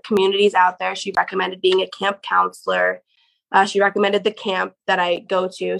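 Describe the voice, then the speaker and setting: A woman's voice: mid-range voice, creaky, a bit bright, poor audio. A woman guest telling her story in a casual, chatty way, full of "like" fillers. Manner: chatty, peppered with "like". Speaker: podcast guest.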